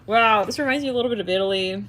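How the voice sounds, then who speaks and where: A woman's voice: medium pitch, racing, fairly bright tone, slight background noise. A woman hosting an astrology live stream, chatting in a rambling, giggly way with her viewers.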